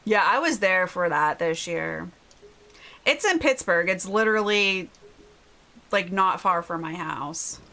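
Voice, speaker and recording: A young woman streaming a video game live, chatting with viewers and yelling excitedly at the game. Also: lowish voice, a little slow, slight background noise.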